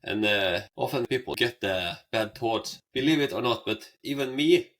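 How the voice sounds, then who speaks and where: A man's voice: medium pitch, expressive, moderate pace, a bit bright. A man co-hosting a podcast, speaking earnestly about self-improvement with non-native phrasing. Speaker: podcast co-host. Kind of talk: casual chat.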